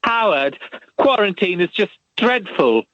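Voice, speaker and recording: A man's voice: sits high, sing-song, a little slow, fairly bright tone, dry recording, heavily acted. A man doing an impression of a crude, smug male TV judge, trading vulgar taunts, heard in a dull lo-fi radio clip. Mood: snide mocking. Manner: snide, boastful, vulgar taunts.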